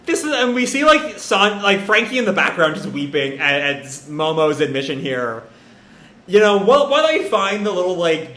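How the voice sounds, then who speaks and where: A man's voice: fairly high pitch, pushed and bright. A young man casually reading out a manga chapter and reacting, chatty with many fillers. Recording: roomy echo.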